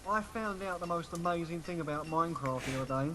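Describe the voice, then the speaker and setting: A streamer host with a voice on the high side chats casually with friends while livestreaming a game, speaking a little fast, swearing freely and laughing at his own jokes. The recording is very noisy.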